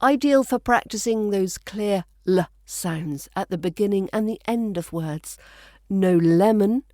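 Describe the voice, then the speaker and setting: A woman with a southern English RP accent teaching pronunciation, repeating each model word slowly and carefully. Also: mid-range voice, mellow, no room sound, clean studio sound. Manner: slow, deliberate, repeats model words. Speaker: accent coach. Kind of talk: pronunciation lesson.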